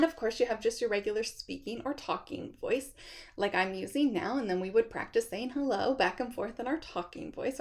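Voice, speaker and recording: A woman's voice: on the high side, a little mellow. Upbeat chatty woman teacher. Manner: upbeat and chatty, often asks "right?". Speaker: kindergarten teacher giving classroom tips. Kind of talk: friendly teaching talk to camera.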